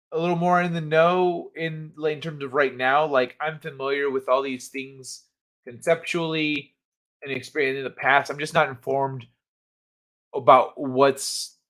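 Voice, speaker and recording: A man's voice: medium pitch, fairly bright tone. A man hosting a casual livestream, chatting with viewers in a laid-back, hesitant way with many fillers. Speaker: livestream host.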